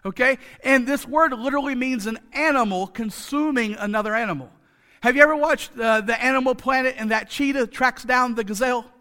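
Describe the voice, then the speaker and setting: Bright, high-voiced preacher man. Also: fairly quick, clear, resonant tone. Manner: conversational, joking, with many rhetorical asides; repeats phrases for emphasis. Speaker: pastor. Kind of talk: sermon.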